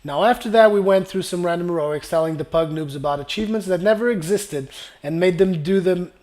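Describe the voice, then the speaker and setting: His voice is high with a darkish tone, and he talks a little fast while his dry throat makes it wear out. The young gaming channel host casually rambles, reading viewer comments aloud and then responding to them.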